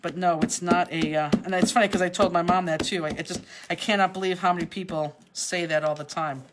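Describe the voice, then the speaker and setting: Chatty, animated woman hosting a live craft class, lowish voice, laughs easily. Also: brisk, heavy background noise. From Cleveland, Ohio. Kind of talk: casual chat during a live online class.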